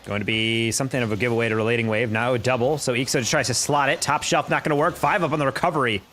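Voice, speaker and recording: A young man from New York casting a live esports match, calling plays quickly and chatting with his stream viewers in between. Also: medium pitch. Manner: rapid play-by-play that jumps up in excitement, chatting with viewers between plays. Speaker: esports caster. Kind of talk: live-streamed play-by-play commentary with chat.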